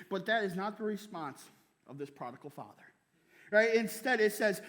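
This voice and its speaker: High-voiced male pastor, conversational sermon. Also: animated, normal speed, pauses often, a bit bright, long reverb tail. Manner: conversational preaching, tags many lines with "right?"; laughs often while speaking. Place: church.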